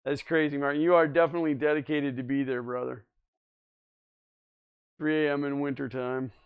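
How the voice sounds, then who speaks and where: Chill stream host guy reading chat, smooth clear voice, a bit high, laughs a lot. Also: level tone, brisk, phone-quality sound. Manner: chatty and easygoing, laughs often. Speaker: livestream host. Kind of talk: casual chat, reading viewer chat aloud.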